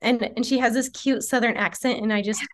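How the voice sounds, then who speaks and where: A woman's voice: fairly high pitch, steady tone, fairly quick, a bit bright. A woman in her thirties, a guest in a casual interview, talking earnestly with frequent laughs and trailing restarts. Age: 30s.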